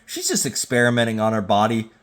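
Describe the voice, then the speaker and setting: A man who has been drinking hosts a casual rating video from home, rambling and stammering with sudden excited bursts. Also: lowish voice, fast talker. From Jacksonville, Florida. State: tipsy from drinking. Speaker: YouTube host. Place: at home with a phone. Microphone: phone.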